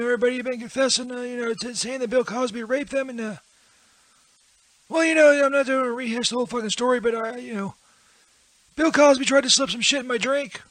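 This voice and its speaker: A man's voice: very high voice, a bit bright, no echo, pitched above the performer's own voice. A man playing Peter, a jittery, foul-mouthed, whiny comedy character who keeps crying out to Jesus. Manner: frantic, swearing, keeps invoking Jesus. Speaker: comedy character on a live show. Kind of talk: comedy bit.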